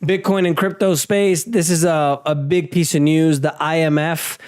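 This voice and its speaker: A man's voice: on the high side, steady tone, normal speed, darkish tone, clean tone, no room sound, clean studio sound. A man hosting a casual market and crypto news rundown, talking offhand with sarcastic asides and frequent restarts. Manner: frequent restarts and fillers, conversational. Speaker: host.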